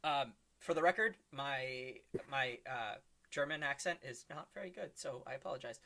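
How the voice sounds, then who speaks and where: A man's voice: medium pitch, normal speed, creaky, bright, forceful tone. A man narrating as game master in a tabletop game, rambling with lots of ums and uhs. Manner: rambling, many ums and uhs, laughs often.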